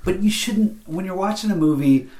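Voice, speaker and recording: A man in a casual chat, critiquing a movie's editing in a thoughtful, halting way. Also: high-pitched, a little mellow. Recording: echoey room.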